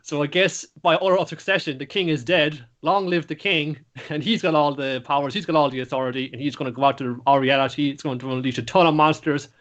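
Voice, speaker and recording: A man casually recapping a cartoon episode on a podcast, swearing freely and slipping into quick voices for the characters. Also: a little high, steady tone, a bit bright. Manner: loose and profane, breaks into laughter, acts out lines mid-story. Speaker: anime podcast co-host.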